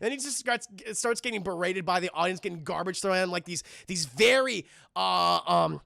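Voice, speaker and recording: A man streaming a film recap, excitable and profane, constantly talking to his chat. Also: high voice, moderate pace, vocal fry, dry recording, studio quality. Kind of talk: casual live-stream commentary.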